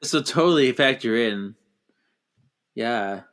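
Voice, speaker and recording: A man in casual podcast chat, running through a film's plot. He slips into playful voices for the characters and laughs often. His voice sits at an everyday middle pitch. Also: expressive, slow pace, a bit bright. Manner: playful, acts out characters' lines while recapping, laughs often. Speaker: podcast co-host. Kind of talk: casual movie recap chat.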